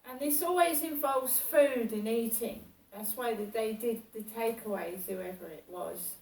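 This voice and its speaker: Woman, unhurried rambling storyteller, highish voice, recorded from across an echoey room. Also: creaky, darkish tone. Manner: rambling and halting, with many fillers and restarts. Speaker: vlogger. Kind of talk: casual personal storytelling. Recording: roomy sound from a distance.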